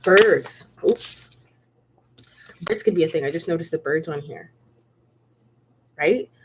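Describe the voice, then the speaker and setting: A woman's voice: low voice, expressive, slow pace, background noise. Chatty woman giving a tarot reading. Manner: chatty and repetitive, often checking in with "okay?" and "right?"; laughs often while speaking. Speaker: tarot reader. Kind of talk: casual spiritual tarot reading.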